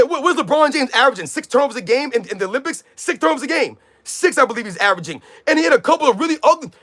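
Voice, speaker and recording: A man ranting loudly on a sports live stream, combative and repetitive, calling out chat viewers by name. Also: extremely high pitch. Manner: loud, combative, repetitive rant.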